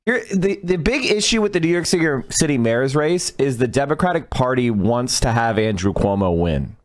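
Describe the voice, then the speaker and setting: A man's voice: mid-range voice, lively intonation, moderate pace, dry recording. A man giving blunt, profane political commentary on a livestream.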